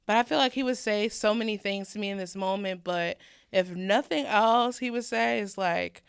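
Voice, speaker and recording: A woman in her thirties speaks as a podcast guest, mid-pitch and conversational. She shifts between soft, tearful recollection and bursts of laughter. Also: normal speed, creaky, clear, resonant tone. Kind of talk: emotional conversational interview.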